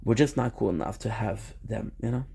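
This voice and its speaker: A man's voice: lowish voice, fairly quick, vocal fry, dark tone, slightly rough. A young man streaming, chatting casually and playfully with viewers, rambling with frequent restarts and laughter.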